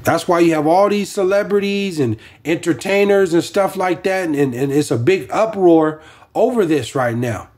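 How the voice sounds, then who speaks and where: A man's voice: high-pitched, normal speed, darkish tone. A man preaching informally from scripture, rambling with many fillers and restarts.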